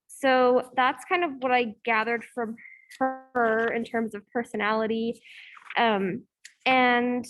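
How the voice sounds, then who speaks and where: A woman's voice: fairly high pitch, a bit bright. A young woman student leading a class discussion over a video call, hesitant with many fillers, in an echoey room. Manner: hesitant, many ums and likes. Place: room in a campus hall, echoey.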